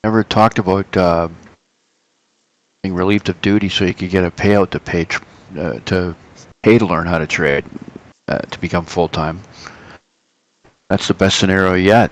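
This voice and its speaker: Give me a deep-voiced middle-aged man hosting a live trading stream, rambling and correcting himself. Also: fairly even intonation, moderate pace, pauses often, low-quality recording. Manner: rambling, many fillers and self-corrections. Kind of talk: casual live market commentary.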